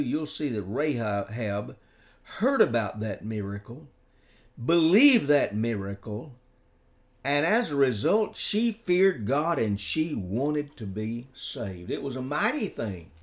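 A man preaching a sermon, reading King James scripture aloud and explaining it emphatically. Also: medium pitch. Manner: lively preaching cadence with slow emphatic phrases.

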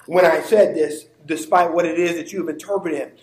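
A man's voice: a little high, steady tone, moderate pace, a little mellow, roomy sound, low-quality recording. A man preaching a sermon to a congregation that answers back, stressing his words with emphatic inflection.

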